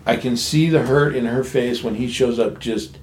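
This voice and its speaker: A man's voice: mid-range voice, normal speed, a little mellow, a little hiss or hum. A man in recovery candidly telling a family story in a frank, blunt way, swearing freely. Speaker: guest sharing recovery story. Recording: echoey room, faint ambience.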